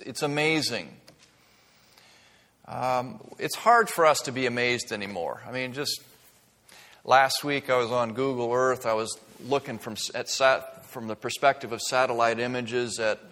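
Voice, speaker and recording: Male pastor, earnest preaching, mid-range voice, long church reverb. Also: mid-range voice. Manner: earnest teaching, rising emphasis and hushed asides. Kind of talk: sermon. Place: church sanctuary.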